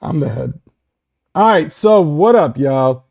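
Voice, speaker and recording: A laid-back man co-hosting a podcast in casual chat, amused and quick to laugh. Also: a little high, expressive, vocal fry, darkish tone. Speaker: podcast co-host.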